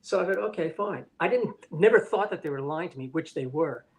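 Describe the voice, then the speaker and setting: A man's voice: a little high, expressive, a little fast, rough recording. An older man, an animation director, telling candid stories in an interview with a blunt, profane manner, acting out what others said. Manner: blunt, profane, acts out quoted dialogue.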